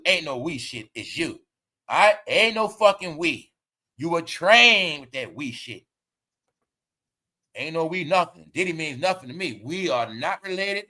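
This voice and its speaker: On his online commentary show, a man with a bright, high-pitched voice rants at his audience. He mocks and scolds them in heavy slang, swearing along the way.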